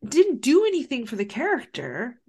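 A woman's voice: high-pitched, huge pitch swings, moderate pace, a little mellow, breathy edge. A woman co-hosting a podcast, chatting emphatically about a movie. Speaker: podcast co-host. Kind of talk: casual movie recap chat.

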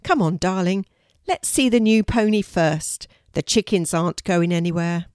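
A woman's voice: on the low side, moderate pace, clear, resonant tone, dry recording, studio quality, natural voice. A woman voicing a kind grandmother who talks reassuringly to her granddaughter. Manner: warm and reassuring.

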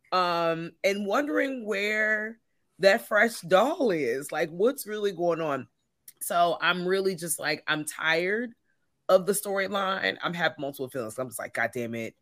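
A woman co-hosting a casual podcast, speaking, animated and swearing freely. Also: mid-range voice. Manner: animated, swears freely, drawn-out emphatic delivery. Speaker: podcast co-host.

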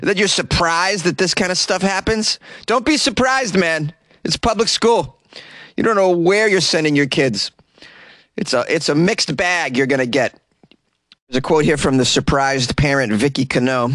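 Man, comedy news host, sarcastic, animated pitch, dry close sound. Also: moderate pace, no room sound. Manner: sarcastic, laughs often, mock-outraged asides. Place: small closet.

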